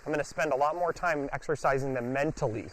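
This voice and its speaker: A man's voice: medium pitch, quick pace, slight background noise. A man working as a dog trainer, explaining his method during a hands-on session and breaking off to give the dog short, firm commands.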